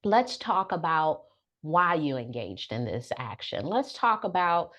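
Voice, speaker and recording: Direct, animated woman therapist on a dull line. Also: sits low, measured pace. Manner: direct and animated, acts out client exchanges. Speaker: therapist and author, podcast guest. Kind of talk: casual podcast interview.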